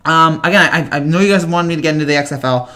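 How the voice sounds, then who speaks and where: In a pushed, bright voice on the high side, the young livestream host talks at a quick pace. He's in his twenties and chats casually through viewer comments, rambling with many fillers and stammered restarts.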